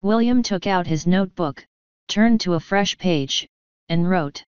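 A woman narrates an audiobook in a slow, measured voice that is very clear and smooth, set fairly low. The recording is dry and close, with a dull, lo-fi top end. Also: darkish tone, no room sound. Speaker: audiobook reader.

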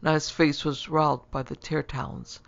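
Brief: man narrating horror, gravelly, measured, lo-fi. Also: on the high side, little pitch movement. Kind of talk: scripted horror audiobook narration. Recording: dull lo-fi recording.

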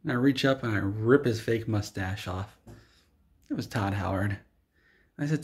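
A man with a somewhat low voice tells a silly story in a deadpan manner. He keeps his delivery plain and matter-of-fact. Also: measured pace, long pauses. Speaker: comedy storyteller.

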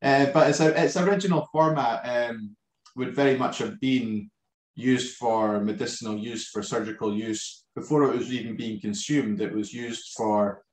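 A man's voice: mid-range voice, moderate pace. A man from a distillery talks casually about his product over a video call, rambling with frequent restarts. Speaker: distillery representative. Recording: roomy echo on a video call.

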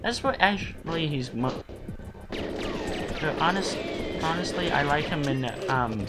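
A man co-hosting a let's play, chatting casually while gaming, rambling and halting with many restarts and fillers. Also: a little high, expressive. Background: game music.

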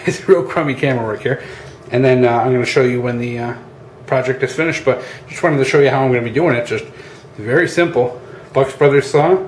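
A man hosting a casual how-to demonstration, chatty and informal, often calling viewers "guys" and using plenty of fillers, recorded outdoors. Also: mid-range voice. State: out of breath at times. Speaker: channel host. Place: outdoors at a workbench. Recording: echoey with faint ambient noise.

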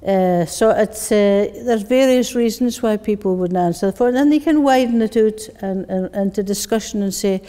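A woman's voice: mid-range voice, moderate pace, hardly any pauses, warm tone. A woman with a northeast Scottish accent, chatting casually as an interviewed poet, laughing easily and using Scots words. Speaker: poet and guest. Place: arts centre. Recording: long reverb of a large hall.

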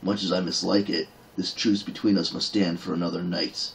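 Brief: a grudging, growling dwarf fighter with stiff old-fashioned speech, played by a man, low-voiced. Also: little pitch movement, normal speed, creaky, recorded from a distance, slight background noise, rough recording. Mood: gruff. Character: gruff grudging male dwarf warrior.

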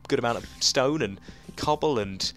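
Chatty young gaming host. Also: male voice, mid-range voice, moderate pace, faint music behind. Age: young adult. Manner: chatty and rambling, talking to viewers while playing; jumps to excited outbursts. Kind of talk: casual let's play commentary.

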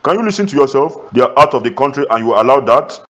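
A man's voice: medium pitch, expressive, fast talker, a bit bright, lightly acted. Older guy doing a strict angry dad, bossy, muffled kinda recording. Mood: stern. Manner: stern, commanding. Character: stern older father, quick-tempered and protective. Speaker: father.

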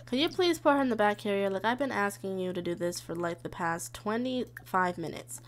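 A woman's voice: medium pitch, expressive, normal speed, hardly any pauses, a bit bright, faint music behind. A young woman giving chatty, dramatic commentary while playing a life-sim game, talking straight to her viewers. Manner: chatty, dramatic, squeals and laughs, talks to the viewers. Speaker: gaming streamer. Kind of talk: casual Let's Play commentary.

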